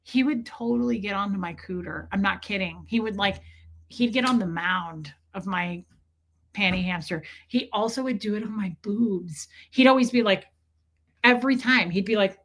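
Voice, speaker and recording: Bright-voiced woman telling a frank story. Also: mid-range voice, moderate pace. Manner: frank, profane, joking. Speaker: streamer. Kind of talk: casual live-stream storytelling.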